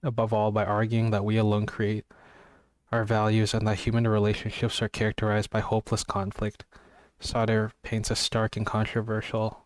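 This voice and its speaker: A man's voice: fairly low pitch, clear, resonant tone, dry recording. A young man reading book blurbs aloud in a casual vlog, with offhand jokey asides and stumbles over words. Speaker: book vlogger.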